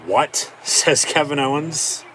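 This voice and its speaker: A man's voice: a little high, takes it slowly, sharp tone, a little hiss or hum. A man hosting a live watch-along, giving profane, sarcastic, exasperated reaction commentary.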